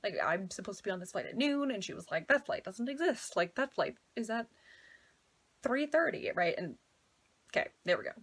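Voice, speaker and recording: Breathy woman in her twenties, vlogger, casual chatty delivery. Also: mid-range voice, a bit bright. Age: 20s. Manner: chatty, fills talk with "like", anxious retelling. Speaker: travel vlogger. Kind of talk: casual storytelling.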